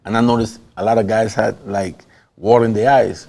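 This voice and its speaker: A man from Panama with a Panamanian Caribbean English accent, a guest telling his story in an animated way and acting out the voices of people he quotes. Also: on the low side, brisk, creaky. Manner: acts out quoted voices, laughs often. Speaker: interview guest.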